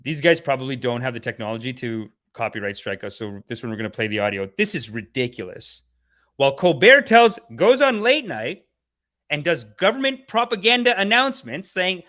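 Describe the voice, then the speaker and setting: A man's voice: medium pitch, very animated, a little fast, pushed and bright. A man hosting a comedic satirical rant in a sarcastic, preachy, mock-guru manner. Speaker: comedic channel host.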